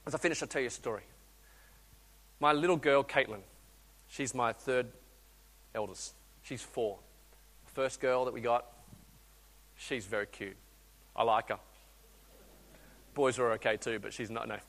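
A man, a guest preacher telling a story in a sermon, swinging between loud urging and quiet intimate speech. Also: medium pitch, a little slow, long pauses, long reverb tail. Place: church hall.

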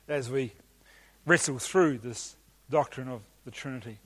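A man's voice: medium pitch, measured pace, a bit bright, husky. A man preaching a teaching sermon with emphatic enthusiasm and some hesitations.

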